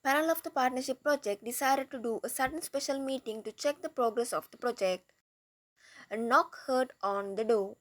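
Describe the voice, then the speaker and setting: A woman reading a fan fiction romance story aloud in a steady, plain narrating manner. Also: high-pitched, normal speed, dry recording.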